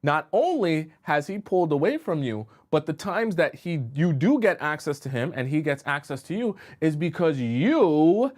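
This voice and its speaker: A man coaching viewers on dating during a livestream, spinning an extended story to make his point. He keeps checking in with the listener as he goes, and his voice sits a little above a typical male pitch. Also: very animated, moderate pace, few pauses, darkish tone. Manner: storytelling, with frequent "okay?" and "right?" check-ins. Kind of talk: livestream advice talk.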